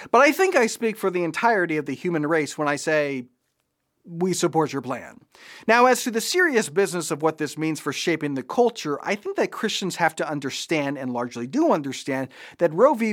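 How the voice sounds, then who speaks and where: A man's voice: fairly high pitch, sing-song, brisk, a bit bright. A man hosting a podcast, giving sarcastic political commentary with mocking asides. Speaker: podcast host.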